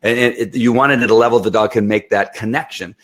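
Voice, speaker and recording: A middle-aged man with a lowish voice explains how to train dogs. He talks in a lively, hands-on way and often slips into the dog's point of view to make his point. It sounds like an instructional talk. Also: fast talker. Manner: animated, acts out the dog's thoughts. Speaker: dog trainer.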